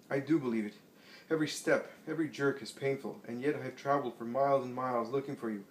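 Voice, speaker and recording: A man's voice: mid-range voice, lightly acted. A man voicing a poor, ailing, heavy-set man who pleads breathlessly for healing, recorded in an echoey room from a distance. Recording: echoey room, distant mic, faint hiss.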